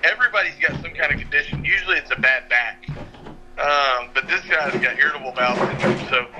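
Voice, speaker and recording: A man's voice: fairly high pitch, fairly quick, music in the background. A man telling a rambling fishing story on a podcast, laughing at his own tale. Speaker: fishing guide and co-host. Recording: noisy podcast audio.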